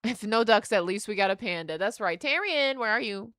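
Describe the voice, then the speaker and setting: A young woman streaming, chatting casually and excitedly as she opens trading cards and speaks warmly to her chat. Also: mid-range voice, brisk, dry recording, studio quality. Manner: excitable, gasps and squeals at good pulls, earnest and affectionate to chat.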